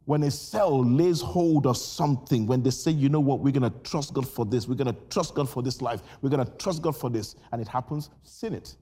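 A Nigerian-born man preaches a sermon, shouting and repeating phrases with mounting intensity while animatedly telling personal stories. His voice is mid-range, and he talks fairly quickly with few pauses.

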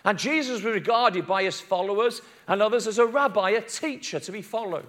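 Middle-aged preacher, fairly high voice, goes from booming to hushed telling the story, jokes at himself. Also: male voice, brisk. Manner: dramatic, wide swings from loud to hushed, self-deprecating asides. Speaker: pastor. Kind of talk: sermon storytelling.

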